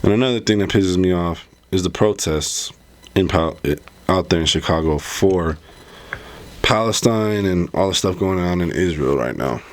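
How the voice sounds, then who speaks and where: A man with a deep, low voice rambles through his political commentary at an easy pace. He talks loosely and conversationally, repeats himself, and drops "bro" into his sentences often. He sounds like a vlogger talking straight to his audience. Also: normal speed. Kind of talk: casual commentary vlog.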